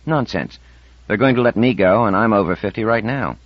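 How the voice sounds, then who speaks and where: Voicing a persuasive woman scientist in her fifties who sounds confident and determined, a male audiobook narrator speaks a little fast at a fairly low pitch, pushing his voice up while keeping it near everyday speech. The dull, dry recording has no echo.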